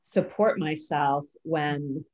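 A woman's voice: sits low, slow pace, a little mellow. A woman hosting a casual podcast chat, candid and laughing through her stories. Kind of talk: casual conversation. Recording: dull lo-fi audio.

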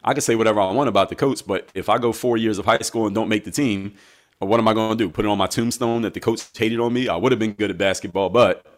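A man, a guest and basketball coach, telling his story in a measured, reflective way during a conversational interview. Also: fairly low pitch, steady tone.

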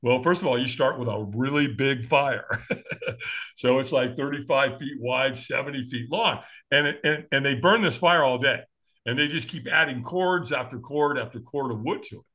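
A man's voice: mid-range voice, moderate pace. A man from the United States, a firewalk instructor and podcast guest, telling a story animatedly and acting out other people's voices with frequent chuckles. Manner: animated, acts out quoted voices, chuckles often. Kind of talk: storytelling in a conversation.

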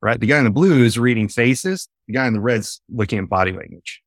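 A man speaking as a podcast guest from his home office over a video call, explaining things in an animated way and telling stories eagerly. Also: medium pitch, brisk, no echo, clean studio sound. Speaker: podcast guest, face-reading trainer. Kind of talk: casual interview chat.

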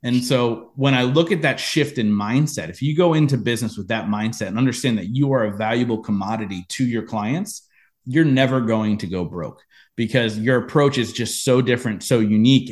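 A man in a podcast interview, telling a personal business story with lively acted-out quotes. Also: medium pitch, a little fast. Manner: animated storyteller, acts out quoted lines. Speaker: podcast guest, entrepreneur.

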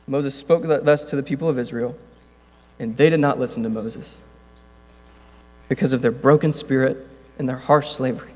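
A male pastor giving a casual sermon, talking conversationally with jokey asides and building to loud, passionate preaching. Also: medium pitch, steady tone, moderate pace, long pauses. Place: church room. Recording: long hall reverb, mains hum.

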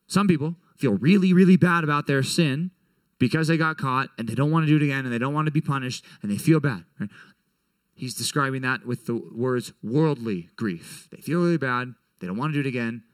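Male preacher, mid-pitched, conversational sermon delivery, close dry sound. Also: dry recording. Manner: conversational, animated, frequent "right?" check-ins. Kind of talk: sermon to young people.

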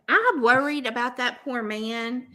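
A woman's voice: on the high side, measured pace. A woman, telling a story in casual chat and acting out both sides of the dialogue. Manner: animated, laughing, acts out both sides of dialogue.

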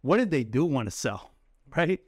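A man coaching cold callers in a casual, talkative way who laughs often and acts out calls in a soft apologetic voice. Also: mid-range voice, big pitch swings, moderate pace, dry recording, clean studio sound. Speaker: sales coach. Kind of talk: coaching talk to camera.

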